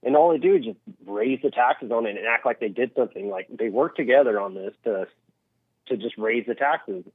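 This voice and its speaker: A man's voice: mid-range voice, brisk, no echo. A man calling in to a show, rambling casually and acting out voices in his stories. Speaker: caller. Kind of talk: casual call-in chat. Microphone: phone line. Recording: tinny phone line.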